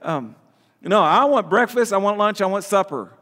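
A man preaching from the pulpit, his voice sitting a little high for a man. He talks in an easy, conversational way, stumbling over words and throwing questions out to the congregation. A long reverb trails behind him in the church. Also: lively intonation, normal speed, bright, forceful tone. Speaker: pastor. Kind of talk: sermon.

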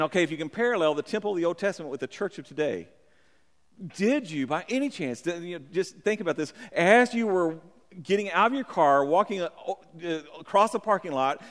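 A man preaching a sermon in a church on a microphone, talking conversationally with repeated words and sudden shouts for emphasis. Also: high-pitched, big-room sound. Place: church sanctuary. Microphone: handheld or stand mic.

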